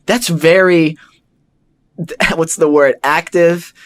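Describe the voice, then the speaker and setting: A male podcast host telling a story in a casual, animated way, acting out his own thoughts and filling gaps with "like" and "you know". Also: on the high side, slow pace. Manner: frequent "like" and "you know" fillers.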